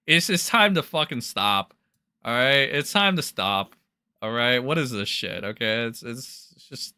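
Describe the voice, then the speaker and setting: A man's voice: medium pitch, lively intonation, measured pace, sharp tone, clear, resonant tone, no echo, clean studio sound. A man hosting a livestream, mocking and ranting with constant swearing and lots of "like" and "all right". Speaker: livestream commentary host. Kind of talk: profane reaction commentary.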